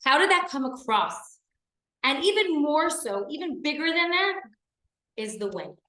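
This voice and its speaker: A woman's voice: high voice, big pitch swings, measured pace, sharp tone, echoey room, rough recording. A woman teaching a class in an earnest, emphatic lecture style, often repeating key words for stress.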